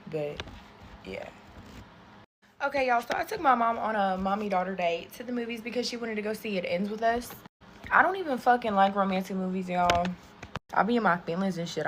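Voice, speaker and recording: A woman's voice: mid-range voice, slight background noise. Profane young woman telling a storytime. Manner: profane, animated, swears constantly. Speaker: TikTok storyteller. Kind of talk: get-ready-with-me storytime. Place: bedroom.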